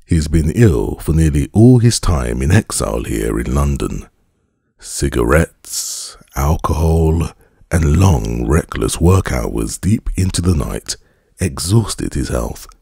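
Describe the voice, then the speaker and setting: A man voicing an older German gentleman with a German accent, speaking slowly, gravely and formally in an audiobook. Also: rumbling low, expressive, dry recording, clean studio sound, heavily acted.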